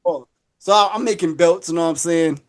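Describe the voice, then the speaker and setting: A man's voice: a little high, a little fast, no room sound, clean studio sound. A man hosting a podcast, telling a long story in casual chat, acting out other people's voices and laughing often. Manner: animated, acts out quoted voices, laughs often. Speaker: podcast host.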